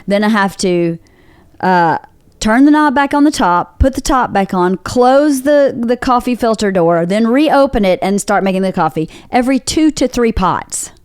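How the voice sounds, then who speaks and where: A woman's voice: on the high side, animated, moderate pace, clean tone, no room sound, clean studio sound. A woman hosting a podcast, telling a story in casual chat with lots of swearing and acted-out quotes. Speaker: podcast host.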